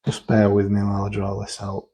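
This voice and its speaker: A man's voice: fairly low pitch, monotone, fairly quick, mellow, slightly rough, rough recording. A man talking casually and explaining things step by step, thinking aloud and restarting sentences as he goes. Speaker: guest explaining cosmetic chemicals. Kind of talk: casual chat.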